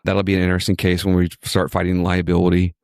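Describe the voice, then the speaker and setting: A man's voice: sits low, monotone, fast talker, a little mellow, clean tone, dry recording, clean studio sound. A man from Virginia, a podcast host, chatting casually and telling stories with enthusiasm and plenty of repetition. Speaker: injury lawyer, podcast host.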